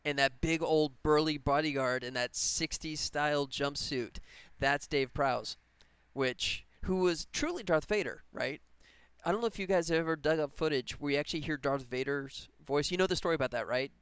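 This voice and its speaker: Streamer guy, slightly high, smooth voice, close dry mic, rambling and enthusiastic. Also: normal speed, a bit bright, dry recording. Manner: rambling, enthusiastic, laughs often. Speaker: game developer streamer. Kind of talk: casual live stream chat.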